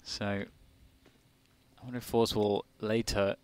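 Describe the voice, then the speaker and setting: A man's voice: fairly low pitch, flat delivery, slow, clean tone. A man giving chatty color commentary on an esports match, thinking aloud as he analyses the play.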